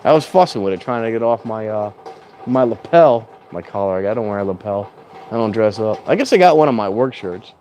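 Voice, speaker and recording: A fairly low, dark-toned man speaks with animation and at a fairly quick clip. He's vlogging in a rambling, chatty way outside at a windy train station, correcting himself and sometimes raising his voice, into a clip-on mic plugged into his handheld phone.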